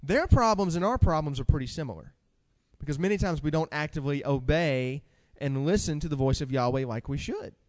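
A man's voice: fairly high pitch, a little fast, big-room sound. A man preaching a sermon, quoting scripture with emphasis and repeating key words.

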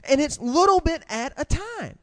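A man's voice: extremely high pitch, very animated, moderate pace, fairly bright tone, in a large hall. A man preaching a sermon, quoting scripture with emphasis and repeating key words.

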